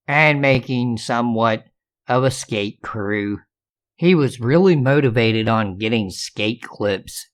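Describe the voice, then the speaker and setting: A man reading true scary stories aloud in a casual, profane, sarcastic way. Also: fairly low pitch. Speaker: storyteller.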